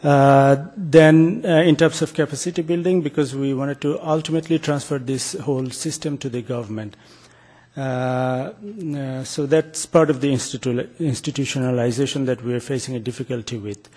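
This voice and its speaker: A man's voice: mid-range voice, steady tone, moderate pace, a little mellow, slightly rough. A man presenting a research project in an academic talk, hesitant, with many filler sounds and restarts.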